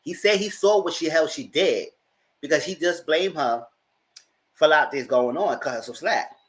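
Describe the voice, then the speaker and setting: A man's voice: fairly high pitch, lively intonation, normal speed. A man hosting a live TV recap, telling the episode's story dramatically with slang asides and heated commentary. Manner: colorful and heated, swears in his commentary. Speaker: TV reviewer and channel host.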